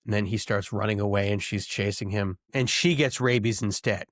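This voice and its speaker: A young man co-hosting a comedy podcast in loose, joking banter. He rants animatedly and his voice leaps higher as he gets worked up. The sound is dry and close, with no room echo at all. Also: fairly quick. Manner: animated, jokey, rants with rising pitch. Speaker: podcast co-host. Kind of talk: casual banter.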